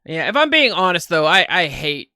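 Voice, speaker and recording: Frank opinionated guy on a podcast, high bright smooth voice, dry mic. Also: sing-song, normal speed, no room sound. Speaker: podcast co-host. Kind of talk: casual chat.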